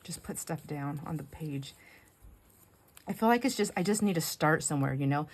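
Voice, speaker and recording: There's a bit of hiss or hum behind this middle-aged craft host, who talks at a moderate pace in a deep voice with lively intonation. At home and working as she goes, she chats in a rambling, casual way, often laughing and at times dropping to a whisper.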